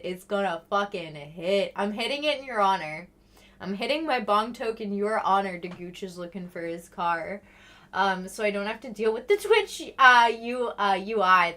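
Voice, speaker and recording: A young woman streaming and chatting casually with viewers, swearing freely and reading chat aloud. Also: mid-range voice. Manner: excitable greetings, frequent laughs.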